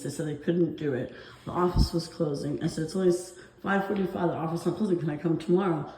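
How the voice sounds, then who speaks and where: Breathless, anxious woman vlogging on her phone; mellow tone, roomy echo. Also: deep voice, quick pace. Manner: rambling, anxious, with nervous laughs. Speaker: vlogger filming her apartment complaints. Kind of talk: casual walking vlog.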